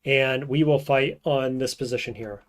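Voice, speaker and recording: A man streaming a roguelike, thinking aloud in casual gameplay commentary and often trailing off into quiet mutters. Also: mid-range voice, fairly even intonation, moderate pace.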